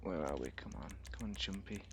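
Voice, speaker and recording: A man's voice: sits low, animated, fairly quick, slight background noise. A man giving rambling, casual commentary on a game, thinking aloud with fillers and restarts. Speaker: game reviewer.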